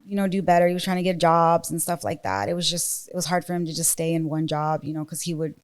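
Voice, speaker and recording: A woman telling her own story as a podcast guest, earnest and halting. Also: low voice. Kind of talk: casual chat.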